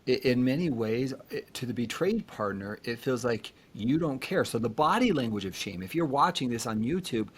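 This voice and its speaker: A man's voice: mid-range voice, expressive, normal speed, few pauses, husky. A man hosting a relationship podcast as a therapist, explaining things and speaking directly to listeners. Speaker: therapist host.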